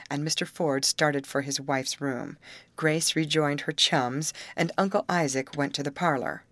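A woman with a notably low voice narrates an old novel in a steady storytelling manner. The recording is dry and close, with no room sound around her. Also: normal speed, no echo. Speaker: audiobook narrator.

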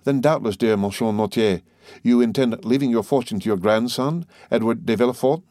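A man's voice: mid-range voice, fairly quick, dark tone, no room sound, clean studio sound, close to an everyday voice. A man voicing a scheming stepmother who speaks in a coaxing, ingratiating way.

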